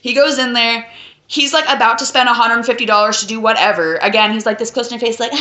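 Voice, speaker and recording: Brief: young woman vlogger, crude and sarcastic, bright tone, roomy echo. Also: a little high, a little fast. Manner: profane, blunt, sarcastic. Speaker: film reviewer. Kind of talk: casual video review.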